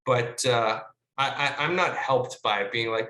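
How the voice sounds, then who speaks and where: A man, a guest actor, chatting casually about his craft in an animated, rambling way with plenty of fillers and the odd swear word, over a video call. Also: medium pitch, measured pace, reverberant. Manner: animated, rambling storyteller with filler words and profanity. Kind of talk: casual conversational teaching.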